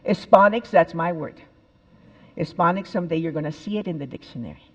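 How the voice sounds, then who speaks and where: Expressive older woman. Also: deep voice, a little fast. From El Paso, Texas. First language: Spanish. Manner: animated, expressive storyteller, bursts of emphasis. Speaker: speaker at a TEDx event. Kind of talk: inspirational stage talk. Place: large auditorium stage. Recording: hall reverb, slightly dull sound.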